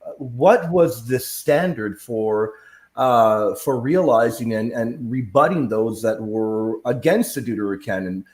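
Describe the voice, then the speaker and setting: A man's voice: medium pitch, measured pace, darkish tone. Thoughtful man hosting, in an echoey room. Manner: thoughtful, questioning. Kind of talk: casual discussion.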